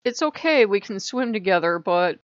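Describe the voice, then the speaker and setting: A woman voicing a calm, aloof great white shark spirit that speaks in a cool, matter-of-fact way. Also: medium pitch, normal speed, no room sound, highs cut off, natural voice.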